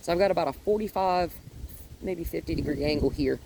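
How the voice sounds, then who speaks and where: A woman dog trainer walking a dog outdoors, explaining her steps calmly and praising the dog in a high, happy voice. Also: fairly quick. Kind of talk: hands-on training demonstration. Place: outdoors in a yard with trees. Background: faint wind.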